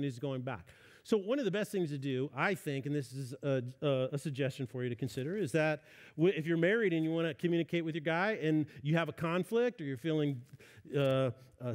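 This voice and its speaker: A man's voice: fairly high pitch, fast, darkish tone. A middle-aged male pastor giving a conversational sermon, acting out what husbands and wives say. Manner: conversational preaching, acts out spouses' voices.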